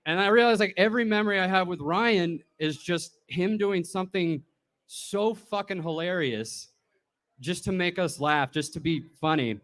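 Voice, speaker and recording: A man's voice: high voice, moderate pace, a bit bright. Casual man telling a funny eulogy. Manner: casual, swearing, storytelling. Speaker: comedian giving a eulogy. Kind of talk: tearful, humorous eulogy. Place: bar.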